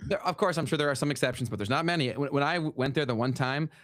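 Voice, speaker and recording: A man's voice: a little high, rapid-fire, fairly bright tone, dry recording. A blunt, opinionated young man from Canada, co-hosting a casual podcast chat with frequent restarts. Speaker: podcast co-host.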